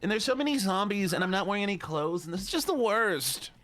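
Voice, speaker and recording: A man's voice: sits high, lively intonation, fast talker, a bit bright, a little hiss or hum. A man hosting a casual gaming stream, giggly, easily distracted and playfully whiny. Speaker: streamer and host.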